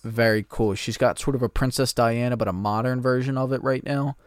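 A man's voice: medium pitch, fairly even intonation, fairly quick, no echo, studio quality. A man co-hosting a podcast, telling a rambling anecdote in casual chat and swearing a lot. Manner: rambling storytelling, frequent swearing. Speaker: podcast co-host.

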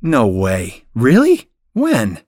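A man voicing a young woman who is dreamy, playful and thoughtful, speaking gently with teasing turns in an audiobook reading. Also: medium pitch, normal speed, no room sound, clean studio sound, lightly acted. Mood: surprised. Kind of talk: audiobook dialogue.

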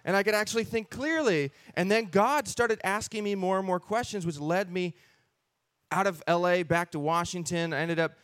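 A man with a somewhat higher voice tells his faith testimony in an earnest, animated way. The recording is dry, close and without room sound. He keeps slipping into acting out his own past thoughts. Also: normal speed, clear, resonant tone, dry recording. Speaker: person sharing a faith testimony. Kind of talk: personal testimony storytelling.

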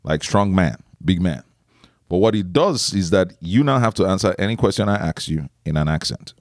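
A man with a very deep voice hosts a casual podcast chat. He asks loose, rambling questions full of fillers. The sound is dry and close to the mic. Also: expressive, normal speed, no room sound. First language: Igbo. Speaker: podcast host.

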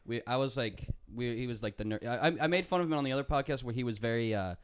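A man's voice: medium pitch, expressive, fast talker, a little hiss or hum. Rambling young man telling a story. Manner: rambling, self-interrupting storyteller. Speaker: podcast host. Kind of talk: casual chat.

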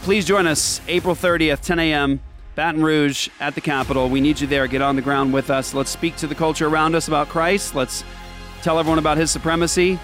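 A man's voice: on the high side, little pitch movement, a little fast, fairly bright tone, soft background music. A man hosting a faith radio show, talking in an earnest, emphatic, preacherly way. He sounds tired from travel. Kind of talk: casual faith talk.

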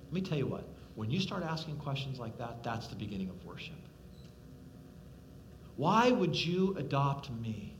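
A man preaching a sermon as a pastor, swinging from loud, pressing appeals to hushed, quiet questions and acting out the voices he quotes. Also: mid-range voice, big pitch swings, moderate pace, muffled recording, noisy background.

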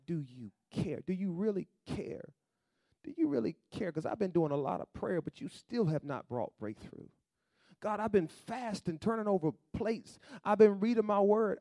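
Preaching man, hushed to shouting. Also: high-pitched, gravelly, no room sound. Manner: dramatic swings from hushed to shouting, conversational preaching. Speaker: pastor. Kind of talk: sermon.

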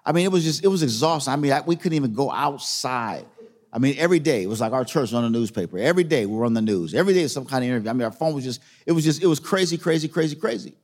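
Pastor preaching in a reverberant hall. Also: male voice, mid-range voice, animated, very fast, a little mellow. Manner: conversational storytelling, repeats phrases for emphasis. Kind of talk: sermon.

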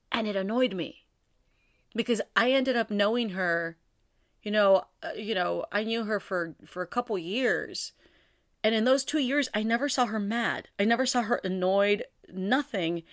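A young woman talks alone on her podcast in a loose, candid, rambling way and pokes fun at herself. Her voice sits at a middle pitch, and the recording is dry and close. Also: measured pace, dry recording. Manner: candid, rambling, self-deprecating humor. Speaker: podcast host. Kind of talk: casual solo podcast chat.

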